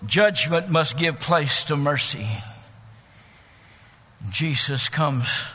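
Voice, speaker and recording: A preaching man with a high, bright, ringing voice. He takes his time, swelling into shouted calls and sinking into quiet, stretched-out phrases. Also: very slow, in a large hall. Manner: preaching with rising shouts and hushed passages. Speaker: pastor. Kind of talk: sermon.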